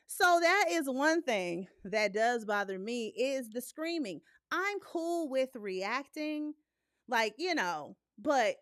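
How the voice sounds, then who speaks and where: A young woman hosting a live movie talk stream in casual, blunt, profane chat, animated and laughing often. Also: high voice, a little slow, no room sound, clean studio sound.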